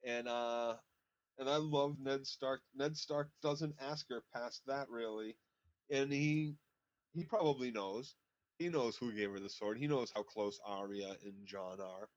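A man's voice: medium pitch, measured pace, no echo. A man co-hosting a casual podcast recap, enthusiastic and repeating words as he gets going. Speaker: podcast co-host. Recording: dry, dull lo-fi mic.

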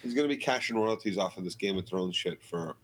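A man's voice: low-pitched, fast, a little hiss or hum. A man co-hosting a casual TV recap chat, bantering and swearing freely. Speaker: co-host.

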